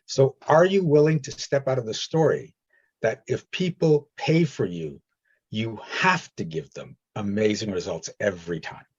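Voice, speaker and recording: A man's voice: lowish voice, lively intonation, unhurried, husky, dull audio. A man leading a coaching session, talking directly and reassuringly and acting out stories in quoted voices. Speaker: energy healing coach.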